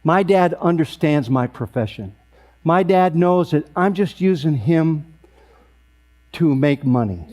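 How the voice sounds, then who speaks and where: A man's voice: on the high side, a little slow. Man in his sixties telling a comic story. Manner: deadpan storytelling with comic timing. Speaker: emcee. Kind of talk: comic storytelling at an awards event.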